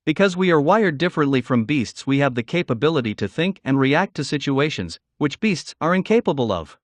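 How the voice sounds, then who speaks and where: A man's voice: fairly high pitch, lively intonation, a little fast, no echo. A man narrating a fantasy novel in the first person, reading steadily with occasional slips. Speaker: audiobook narrator.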